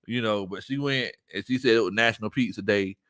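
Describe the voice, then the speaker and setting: A man's voice: lowish voice, fairly quick, a bit bright. A man hosting a casual sports livestream, laughing often and reading viewer comments aloud as he tells stories. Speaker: sports show host.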